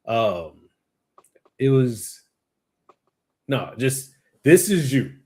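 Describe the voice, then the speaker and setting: A man hosting a livestream memorial, speaking haltingly through grief with many pauses, over a video call. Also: medium pitch, sing-song, darkish tone. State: grieving, near tears. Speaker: show host. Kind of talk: emotional memorial tribute.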